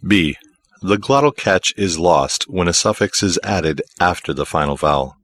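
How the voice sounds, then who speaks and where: Deep-voiced man narrating a language lesson. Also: animated, a bit bright. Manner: measured, explanatory. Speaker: course narrator. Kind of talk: scripted instructional narration.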